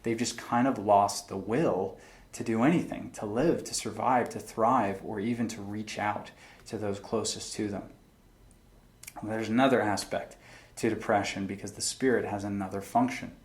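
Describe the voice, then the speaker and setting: A man's voice: on the low side, steady tone, moderate pace. A young man giving an earnest, reflective talk to camera about faith and struggle, quoting scripture in a plain-spoken way. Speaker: faith video host.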